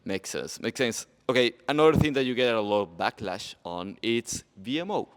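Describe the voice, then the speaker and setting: A man's voice: mid-range voice, expressive, normal speed, smooth. Man hosting a casual podcast. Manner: friendly, affirming interjections. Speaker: podcast host.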